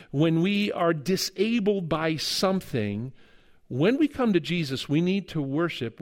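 Male pastor preaching conversationally. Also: a little high. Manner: conversational, acts out dialogue in the stories. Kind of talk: sermon with storytelling.

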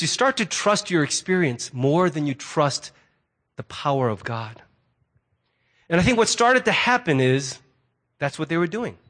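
A middle-aged male pastor delivering a sermon in a loose, conversational way, with a fairly high voice for a man. He slips into quick quoted asides as he talks. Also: a bit bright.

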